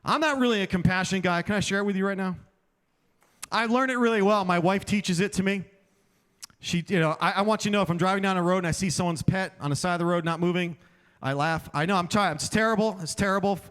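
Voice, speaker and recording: Guy with a high voice giving a chapel sermon, jokes on himself, acts out the lines, big echoey hall. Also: fairly even intonation, fast, fairly bright tone, clear, resonant tone. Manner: self-deprecating storyteller, acts out dialogue. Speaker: preacher. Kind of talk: chapel sermon with humorous stories. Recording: long hall reverb.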